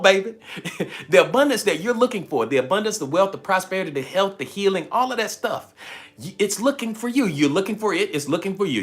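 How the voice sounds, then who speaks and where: A man whose voice sits high and a bit bright talks animatedly to viewers on a spiritual livestream. He's playful throughout, laughing often and voicing the people he quotes.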